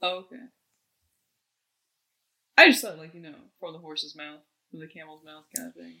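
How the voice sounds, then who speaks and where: A woman's voice: low voice, steady tone, normal speed, vocal fry, pushed and bright. A woman playing a tabletop game, speaking playfully and laughing at the table. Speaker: player. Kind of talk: casual tabletop play.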